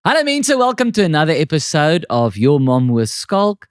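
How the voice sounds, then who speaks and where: A man's voice: fairly high pitch, big pitch swings, moderate pace, clean tone, soft background music. Afrikaans-accented man hosting a podcast. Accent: Afrikaans South African. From South Africa. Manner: self-deprecating, joking. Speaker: podcast host. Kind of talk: casual chat.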